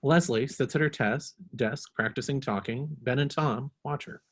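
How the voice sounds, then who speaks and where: A man reading the stage directions in a script reading, brisk and matter-of-fact. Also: medium pitch.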